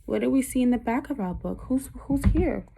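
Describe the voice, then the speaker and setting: Gravelly-voiced woman teacher reading aloud. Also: on the high side, expressive, dark tone. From Puerto Rico. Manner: pauses often to ask the class questions. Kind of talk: reading a picture book aloud to a class.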